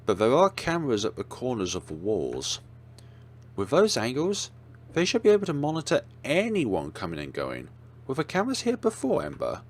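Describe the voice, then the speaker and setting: A man's voice: mid-range voice, huge pitch swings, normal speed. A man hosting a let's play, reading a horror visual novel aloud with dramatic storytelling and wry asides.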